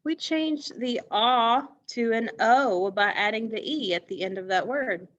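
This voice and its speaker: A woman teacher leading a phonics lesson for young children, speaking slowly and deliberately, stretching out words and praising the class often. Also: on the high side, animated, dry recording, highs cut off. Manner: slow, deliberate, encouraging, stretches words for emphasis.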